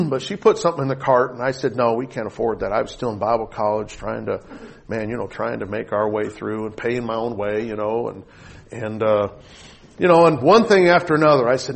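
A middle-aged man preaching a sermon, telling a personal story with rising excitement and reading scripture aloud. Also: mid-range voice, moderate pace, vocal fry, slightly rough. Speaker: pastor.

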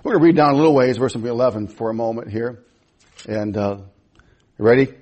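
A man's voice: medium pitch, fast, long pauses, a little mellow. A man in his fifties preaching a sermon as pastor, emphatic, repeating his phrases and restarting. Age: 50s.

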